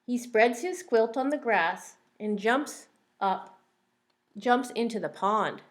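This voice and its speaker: A woman teacher reading a picture book aloud to young children, gently asking them questions along the way. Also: on the high side, expressive, slow pace.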